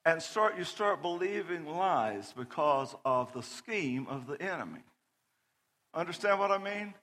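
A middle-aged man preaching a sermon, telling a personal story loudly and animatedly, often laughing. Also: a little high, animated, unhurried, big-room sound. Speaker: pastor.

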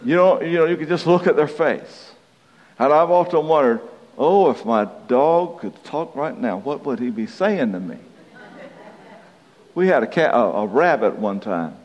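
A man's voice: fairly high pitch, lively intonation, a little slow, a little mellow. A man preaching a sermon, telling a folksy, self-deprecating story and chuckling through it. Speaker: pastor. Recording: dull reverberant hall recording.

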